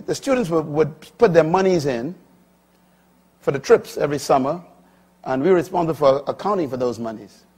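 A man in his sixties preaching a sermon, swinging from quiet, low stretches to loud, high, emphatic lines. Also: husky. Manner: dramatic swings from quiet to loud, rising pitch on key lines. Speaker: pastor.

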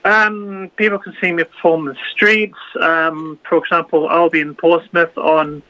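A woman's voice: lowish voice, little pitch movement, moderate pace, a bit bright. A woman, a busking musician, speaking hesitantly with many fillers in a radio interview. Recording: dull lo-fi sound with faint music.

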